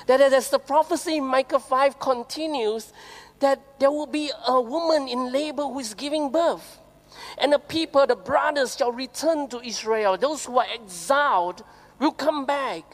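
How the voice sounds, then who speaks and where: A woman with a Singaporean English accent preaches a sermon in a fairly high voice, asking her listeners rhetorical questions. She slows down to read scripture aloud. Her words ring out with the long reverb of a church hall. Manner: lively storytelling with rhetorical questions, reads scripture slowly.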